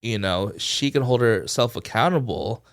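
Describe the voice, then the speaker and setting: A man co-hosting a casual podcast, retelling an experience with an easy, chatty flow. His pitch sits in a middle range, and he slips into acted-out quotes while piling up "like" as a filler. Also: normal speed. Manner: animated retelling, acts out quoted voices, fillers like "like". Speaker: podcast co-host. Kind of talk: casual storytelling chat.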